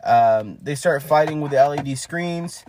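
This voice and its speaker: A man's voice: on the high side, normal speed, a little mellow, slight background noise. A man co-hosting a podcast, giving a rambling, casual play-by-play recap with lots of filler. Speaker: podcast co-host.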